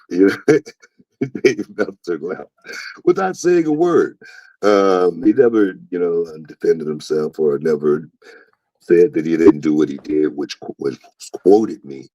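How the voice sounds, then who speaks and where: A deep-voiced former wrestler who hosts a podcast tells stories casually in a Southern US accent, unhurried and animated, acting out quotes with jumps in pitch. The audio is poor but has no echo.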